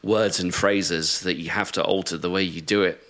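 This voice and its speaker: A man co-hosting a music podcast, chatting casually and thinking aloud in a relaxed way. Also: deep voice, normal speed. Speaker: podcast co-host. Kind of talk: casual chat.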